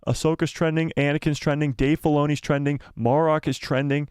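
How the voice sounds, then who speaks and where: A man hosting a live watch-party stream, chatting excitedly, exclaiming and repeating himself. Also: on the high side, fairly quick, clear, resonant tone, no room sound, clean studio sound. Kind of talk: live watch-party chat, reading viewer comments.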